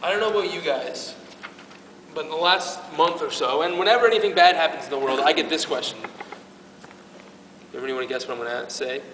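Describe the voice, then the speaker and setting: A man who leads youth ministry at his parish gives the youth group a casual, earnest, emotional faith talk, frequently restarting. He talks fast, pauses often, and his slightly high voice sounds a bit bright. The hall echoes, he's recorded from a distance, and there's slight background noise.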